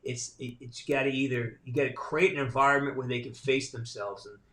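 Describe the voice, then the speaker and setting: A man's voice: medium pitch, steady tone, a little fast, a bit bright. A man as a podcast guest in casual chat, speaking bluntly and measuredly with frequent restarts. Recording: roomy echo.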